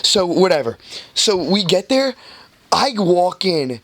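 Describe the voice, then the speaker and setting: A man's voice: high voice, very animated, takes it slowly, a bit bright. Young man rambling through a party story. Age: young adult. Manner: rambling, swears a lot, heavy "like" filler. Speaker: podcast co-host. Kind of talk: casual storytelling chat.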